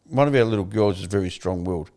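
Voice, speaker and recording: An older man with an Australian accent, a podcast guest telling his story candidly, blunt and quick to swear. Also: deep voice. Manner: blunt, swears freely, animated retelling.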